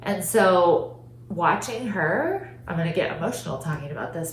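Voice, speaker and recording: A woman's voice: fairly low pitch, expressive, normal speed. A woman hosting a podcast, telling a personal story in an earnest, heartfelt way, often saying "like". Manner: earnest, heartfelt, frequent "like" fillers. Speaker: podcast host. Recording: roomy echo with faint hum.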